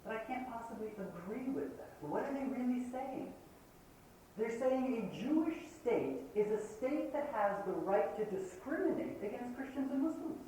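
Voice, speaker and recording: A man's voice: very high-pitched, expressive, moderate pace, dark tone. A Palestinian man giving an impassioned university lecture, arguing his points and acting out the voices of others. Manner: impassioned, argumentative, quotes opponents in shifting voices. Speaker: guest lecturer. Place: lecture hall. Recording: roomy hall, distant mic, faint hiss, old tape.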